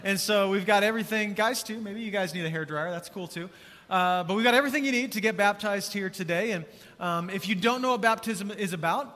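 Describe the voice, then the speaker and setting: A man preaching a sermon as pastor, casual and energetic, drawing responses from the congregation. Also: sits high. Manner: energetic, conversational, calls for crowd response. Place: large church auditorium. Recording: long church hall reverb.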